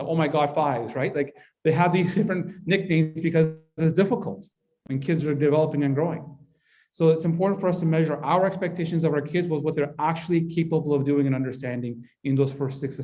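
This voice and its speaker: A man with a fairly high, dark-toned voice runs a parenting workshop in a mosque hall. His delivery is conversational and interactive, and he keeps checking in with the audience by asking "right?"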